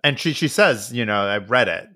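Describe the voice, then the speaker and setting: A man co-hosting a podcast, casually recapping a film in animated bursts and acting out the characters' lines with plenty of swearing. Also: medium pitch, moderate pace. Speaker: podcast co-host.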